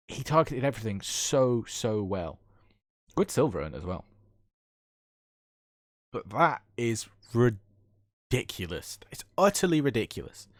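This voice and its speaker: British male gaming YouTuber, casual replay commentary, eager and chatty, mid pitch, dry. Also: no room sound. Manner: enthusiastic, chatty, excitable.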